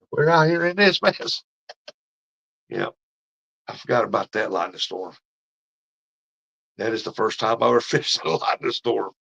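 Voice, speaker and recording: Folksy man, gravelly low voice. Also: lively intonation, unhurried, long pauses, bright, forceful tone. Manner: folksy storytelling, laughs often. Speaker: fishing vlogger. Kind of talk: casual live chat with viewers. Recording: dull lo-fi stream audio.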